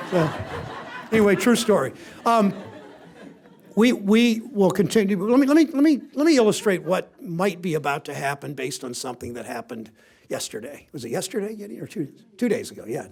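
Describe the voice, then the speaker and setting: A man in his sixties from Ohio with a raspy, gravelly voice, giving a rambling, self-deprecating keynote speech with anecdotes to a seated audience. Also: high voice, sing-song, brisk, darkish tone. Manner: rambling, self-deprecating storyteller with many restarts. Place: briefing room before a seated audience.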